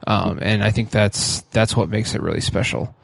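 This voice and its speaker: A man's voice: on the low side, moderate pace, creaky, dry recording. A man co-hosting a podcast in laid-back casual chat, cracking dry jokes with hesitant fillers. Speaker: podcast co-host.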